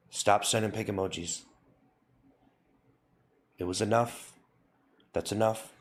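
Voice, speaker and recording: A man streaming live, reading chat and scolding his viewers in a mock-stern, repetitive way. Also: mid-range voice. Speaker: livestreamer.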